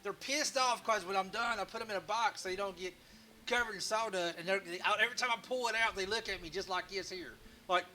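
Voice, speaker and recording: A man's voice: high-pitched, quick pace, pushed and bright, slight background noise. A man hosting a casual live stream, rambling and joking at his own expense. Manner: rambling, joking and self-mocking, with frequent restarts. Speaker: live-stream woodcarving host.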